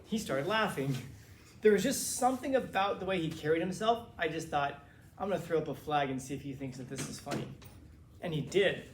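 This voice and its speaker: A man who teaches, from Los Angeles, telling his students a long story in a casual, animated way, quoting the people in it. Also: fairly high pitch, brisk, echoey room, slight background noise. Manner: casual, animated retelling with quoted dialogue. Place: classroom.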